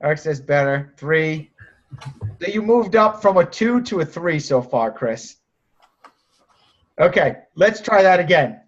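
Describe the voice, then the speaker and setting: A man's voice: fairly high pitch, expressive, a little slow, pauses often. A man coaching sellers on a group call, direct and encouraging, often restarting his sentences. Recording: muffled lo-fi audio.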